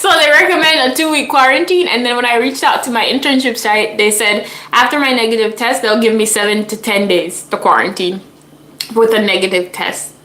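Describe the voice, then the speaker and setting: A woman co-hosting a casual live-stream chat from her living room, playful and quick to laugh. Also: on the high side, fairly even intonation, pushed and bright. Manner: playful, laughs often, affectionate teasing. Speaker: co-host. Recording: echoey living room, faint noise.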